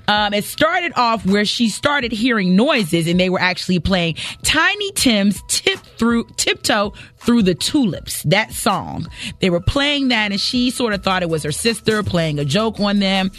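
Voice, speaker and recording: Animated woman radio host, lively voice. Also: mid-range voice, measured pace, faint music behind. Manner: animated, emphatic and exclaiming. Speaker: radio morning show host. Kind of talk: casual radio chat. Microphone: studio microphone.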